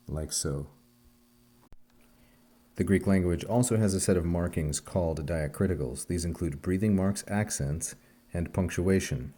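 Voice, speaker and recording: A man with a very low voice gives a recorded lesson at an unhurried pace. His tone is dark and mellow, and he spells out letters and syllables one by one, with careful pauses between them. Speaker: teacher.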